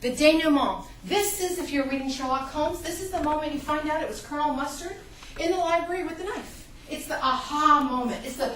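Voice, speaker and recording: Female college lecturer, high and animated, acts out reader reactions, recorded from afar in a reverberant classroom. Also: fairly quick, slight background noise. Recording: echoey classroom, mic far off.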